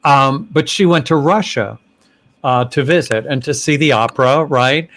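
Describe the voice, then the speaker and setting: A man's voice: mid-range voice, a bit bright. A man hosting a casual video-call chat, chatty and laughing easily, drawing out his words. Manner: chatty, laughing, slow and drawn out. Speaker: host.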